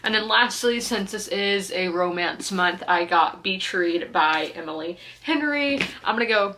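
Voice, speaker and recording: Gal in her 20s, bright voice, giggly chatty book vlog talk. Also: on the low side, a little slow, a little hiss or hum. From South Carolina, US. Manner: chatty, giggly, talks through her opinions. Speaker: book vlogger. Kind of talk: casual reading vlog chat.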